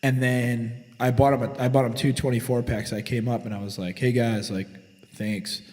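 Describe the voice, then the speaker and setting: A forty-year-old man trades loud, profane tales with his friends in a garage podcast. His voice sits at an ordinary middle pitch, and it carries a long, ringing reverb. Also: flat delivery, moderate pace. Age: 40s. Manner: profane, boisterous, swaggering. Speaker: podcast co-host. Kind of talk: casual storytelling chat.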